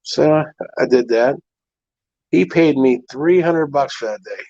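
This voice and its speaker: A man's voice: medium pitch, a little slow, darkish tone, no echo. Rambling man telling stories, dull lo-fi sound. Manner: rambling storyteller, fillers like "I'm like". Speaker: live stream host. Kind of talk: casual chat.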